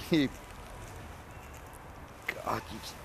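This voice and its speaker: An actor playing a young Englishman who talks haltingly and tearfully to a lost friend, sighing between phrases. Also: a little hiss or hum. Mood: grieving, scared. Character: grieving young man talking to a dead friend.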